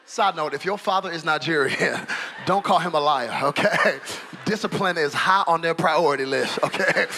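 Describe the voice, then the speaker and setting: A man as guest preacher, giving a fervent, animated sermon in church with storytelling and shouted peaks. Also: a little high, moderate pace. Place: church service.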